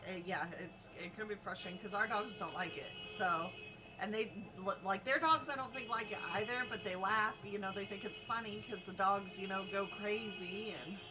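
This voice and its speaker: A woman co-hosting a casual live-stream podcast, talking in halting bursts with many fillers. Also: medium pitch, over music, poor audio. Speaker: podcast co-host.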